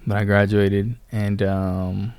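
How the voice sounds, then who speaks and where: A man's voice: fairly low pitch, little pitch movement, slow pace, darkish tone, clean tone. A young man telling his life story casually, full of "like" and quoted asides. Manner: chatty, lots of "like" and "I was like" quotes. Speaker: testimony speaker.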